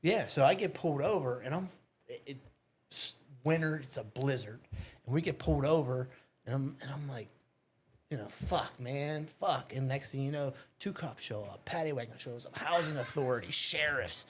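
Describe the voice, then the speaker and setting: A man casually telling profane, animated stories as a podcast guest, often laughing as he talks. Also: mid-range voice, moderate pace, slightly rough. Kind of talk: casual storytelling. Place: childhood neighborhood home.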